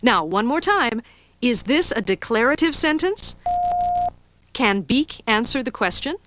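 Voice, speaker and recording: Woman reading quiz questions for kids, a bit high, lots of lift in her voice. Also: expressive, a little slow, very noisy. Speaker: quiz narrator. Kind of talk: scripted educational narration.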